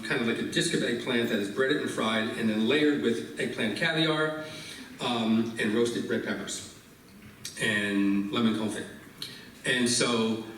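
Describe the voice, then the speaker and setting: A man, a chef, telling a lively anecdote on stage at a live interview, with laughs and restarts. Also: mid-range voice, slight background noise. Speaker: chef and guest. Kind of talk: storytelling on stage. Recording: very echoey hall, from far off.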